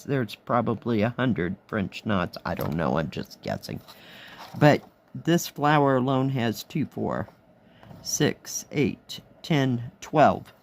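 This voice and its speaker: A woman with a hoarse, fading voice, chatting casually through a craft kit review, admiring the pieces and counting aloud as she goes. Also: a bass voice, a little mellow, a little hiss or hum. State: hoarse, losing her voice. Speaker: cross-stitch vlogger.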